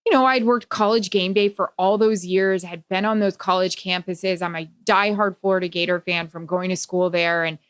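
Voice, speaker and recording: A woman in her forties co-hosting a podcast, telling stories in casual chat with a slightly nasal, animated delivery. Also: lowish voice, moderate pace, hardly any pauses, clear, resonant tone, dry recording, clean studio sound. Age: 40s. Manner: animated storyteller. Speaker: podcast co-host.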